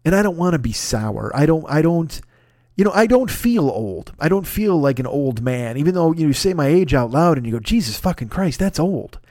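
A man's voice: a little high, sing-song, brisk, a little mellow, no room sound, clean studio sound. A man in his fifties hosting a casual solo podcast, rambling and swearing freely with self-mocking asides. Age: 50s. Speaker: podcast host.

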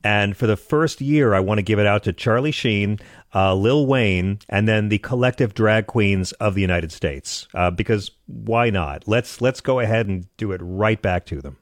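A man's voice: fairly low pitch, normal speed, no echo, studio quality. A man hosting a casual political chat, sardonic and joking, laughing often.

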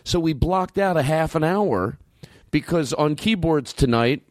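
A male comedy podcast host who rambles and pokes fun at himself, with a lively, bouncing pitch. His voice is recorded close and dry. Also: a little slow, dry recording. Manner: rambling, self-mocking, lots of fillers and restarts. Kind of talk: casual comedy chat.

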